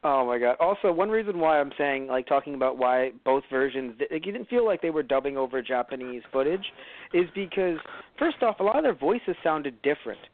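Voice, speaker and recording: A fairly high-voiced man from the United States chats loosely on a podcast, rambling through fillers and restarts. The sound is dry and narrow, like a phone line. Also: expressive, brisk, no room sound. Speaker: podcast co-host. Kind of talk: casual chat.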